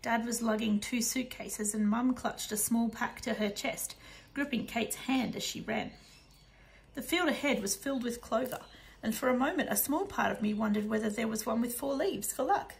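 Slightly gravelly woman narrating a storybook. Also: fairly high pitch, normal speed, rough recording. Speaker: audiobook narrator. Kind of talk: first-person storybook narration.

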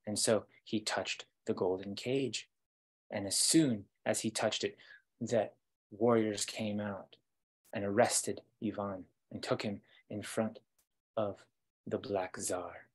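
A man telling a fairytale as a storytelling guide, slow with dramatic pauses, over a video call. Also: fairly low pitch, fairly even intonation, husky.

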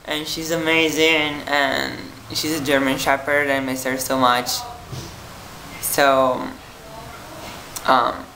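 Tired, gravelly young vlogger rambling to viewers. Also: medium pitch, bright, forceful tone, roomy sound, slight background noise, low-quality recording. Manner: rambling, chatty, lots of "like" and "um". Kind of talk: casual vlog chat to viewers.

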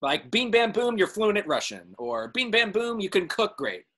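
Lively, upbeat male show host. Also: high-pitched, moderate pace, slightly rough. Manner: upbeat, hype, playful. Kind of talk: live show hosting.

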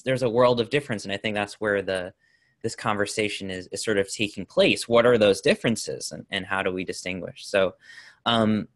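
Lowish, dry-sounding man in a casual group discussion; thoughtful, lots of restarts. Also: no room sound. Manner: thoughtful, with many fillers and restarts. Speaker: discussion participant.

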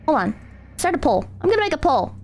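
A woman's voice: high-pitched, very animated, fast talker, darkish tone. A young American woman streaming, chatting casually and reading viewer donations in a teasing, crude way, swearing freely. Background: faint music.

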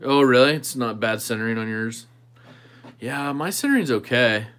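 A man's voice: mid-range voice, normal speed, fairly bright tone. A man hosting a knife channel livestream, chatting casually with viewers and thinking aloud while he tinkers with a knife.

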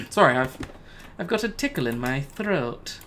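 Male gamer, casual commentary, exasperated self-talk, average pitch, faint typing. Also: sing-song, measured pace, bright, forceful tone, a little hiss or hum. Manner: self-talking, exasperated, laughs at himself. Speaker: gaming YouTuber. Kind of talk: casual Let's Play commentary.

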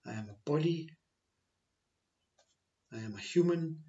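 Slow, reflective man teaching spirituality. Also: fairly high pitch, expressive, mellow, dull audio. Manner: slow, reflective, repetitive phrasing. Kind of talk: spiritual monologue.

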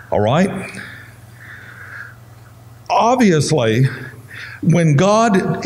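A pastor whose voice is going hoarse, teaching a Bible study in a conversational way and asking the listeners questions. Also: male voice, mid-range voice, a little mellow.

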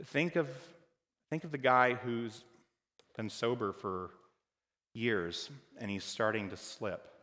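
A man preaching a sermon as pastor, dynamic, moving between loud emphatic lines and quiet, hushed ones. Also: mid-range voice, slow, pauses often. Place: church hall. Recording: church hall with long reverb.

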